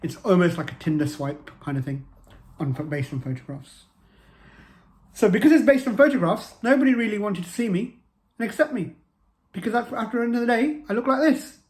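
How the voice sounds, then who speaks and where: A man, telling a personal story to camera in an earnest way and repeating phrases for emphasis. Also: high voice. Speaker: motivational vlogger.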